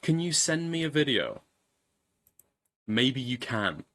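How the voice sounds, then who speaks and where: A man's voice: mid-range voice, big pitch swings, slow, fairly bright tone. A man casually commenting on a live stream, swearing and rambling as he repeats himself.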